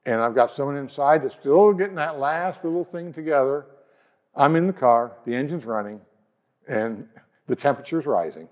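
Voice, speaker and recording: Earnest man preaching a sermon. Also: mid-range voice. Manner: earnest preaching, reads scripture slowly and softly. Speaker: pastor.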